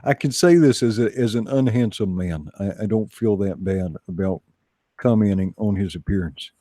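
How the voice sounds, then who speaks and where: A low-voiced man with a husky edge talks in a loose, rambling way, poking fun at himself as he hosts a casual online chat. The sound is dry and close to the mic. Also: normal speed, mellow, no echo. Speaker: host.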